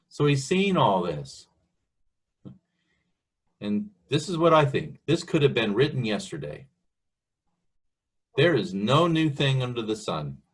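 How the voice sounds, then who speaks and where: A man preaching a Bible sermon in a slow, earnest way, often asking the listener questions. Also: medium pitch, breathy edge.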